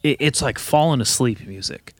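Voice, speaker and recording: A man's voice: medium pitch, moderate pace, a little hiss or hum. Laid-back man chatting casually. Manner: laid-back, lots of likes and swearing. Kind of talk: casual podcast chat.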